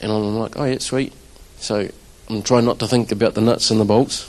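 A man's voice: lowish voice, normal speed, poor audio. A man, a church drummer, telling a conversational testimony to a congregation and acting out his own reactions. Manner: conversational, animated storytelling with acted-out quotes.

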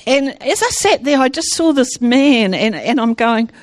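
A high-pitched New Zealand woman tells a gathered audience her Christian testimony at a measured pace. Animated in manner, she frequently cuts off and restarts sentences, and the audio is close and dry with no echo.

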